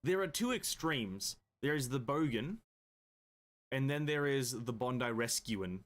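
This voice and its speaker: A man with an Australian accent chats loosely while he plays, wandering between thoughts and restarting his sentences. His voice sits at an ordinary middle pitch, close to a desk microphone, with the occasional casual swear. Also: expressive, a little slow, a bit bright. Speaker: game streamer. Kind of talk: casual chat while gaming.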